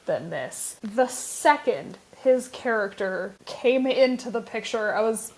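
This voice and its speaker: A woman's voice: on the high side, takes it slowly. Emphatic woman co-hosting a film podcast. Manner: animated, emphatic, laughs often. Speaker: podcast co-host. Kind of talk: casual film review chat.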